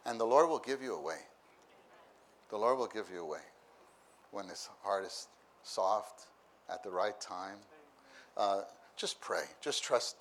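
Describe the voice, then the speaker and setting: Speaking in a low, slightly bright voice over a little hiss or hum, a man delivers a sermon at a church gathering in a conversational style. Phrases get repeated, and he voices the characters from his stories, punctuated by bursts of laughter.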